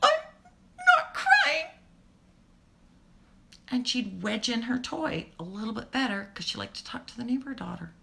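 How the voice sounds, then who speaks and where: A middle-aged woman hosting a casual motivational talk on parenting, expressive and sometimes dropping to a near-whisper for emphasis. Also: on the high side, a little fast, vocal fry, hardly any pauses, slight background noise.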